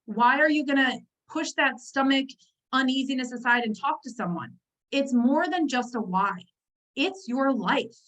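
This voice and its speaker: A woman leading a motivational network marketing team training on a video call, chatty and animated, with frequent asides to her listeners. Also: a little high, poor audio.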